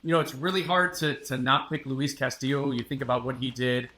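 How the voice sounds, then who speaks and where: A male sports reporter guests on a casual podcast chat. His voice sits in a middle pitch. He lays out his views in a measured, confident way with steady emphasis.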